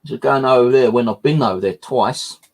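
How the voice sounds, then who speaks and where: A man's voice: mid-range voice, brisk. A man hosting a live stream, chatting casually and rambling with frequent swearing and fillers. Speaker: channel host.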